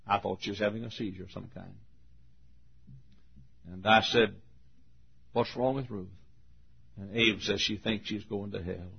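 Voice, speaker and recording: An older man preaching a sermon, telling a story and acting out the voices, shouting at the high points. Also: a little slow, vocal fry, long pauses, breathy edge. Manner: animated, acts out voices, shouts at peaks. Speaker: pastor. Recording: muffled lo-fi recording.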